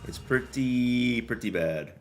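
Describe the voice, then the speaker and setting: A man's voice: medium pitch, animated, takes it slowly, soft background music. A young man livestreaming a game, rambling casually with lots of swearing, fillers and chuckles. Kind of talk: casual chat while playing a game.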